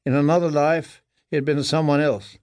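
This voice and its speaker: A man narrates an audiobook in a measured, grave voice. His pitch sits a little high for a man. The recording is dry and close. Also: fairly even intonation, darkish tone, no echo. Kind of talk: scripted narration.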